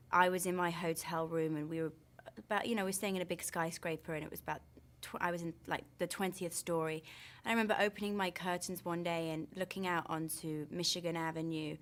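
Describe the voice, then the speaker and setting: A woman's voice: on the low side, a bit bright. A woman, an actress, answering questions in a film press interview with enthusiastic, gushing storytelling.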